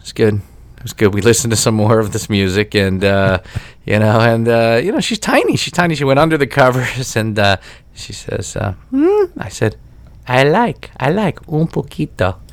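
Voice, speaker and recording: A man's voice: lowish voice, sing-song, normal speed. A man hosting a podcast, telling a rambling, profane story with many restarts. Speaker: podcast host. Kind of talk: storytelling monologue.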